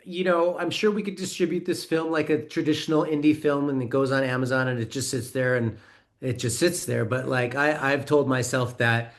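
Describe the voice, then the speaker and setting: A man's voice: medium pitch, fairly even intonation, normal speed. Earnest, rambling male actor guest. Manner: earnest, rambling, with many restarts. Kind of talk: casual interview chat.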